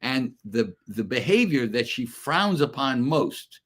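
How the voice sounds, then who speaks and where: A man's voice: mid-range voice, big pitch swings, slow pace. A man in his eighties, an actor guest on a radio show, telling a story and acting out both sides of the dialogue. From Brooklyn and Connecticut. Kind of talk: anecdotal storytelling.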